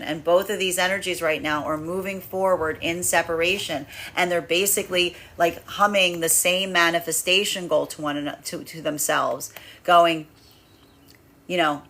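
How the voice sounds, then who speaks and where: A woman tarot reader talking through a collective energy reading, rambling and animated, acting out little inner voices as she goes. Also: fairly low pitch, normal speed. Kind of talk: spiritual energy reading, monologue.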